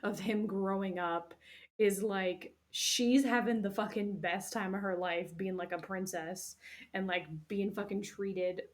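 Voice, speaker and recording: A woman's voice: medium pitch, steady tone, measured pace. A young woman hosting, recapping a movie casually in a rambling, profane way full of fillers. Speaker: host.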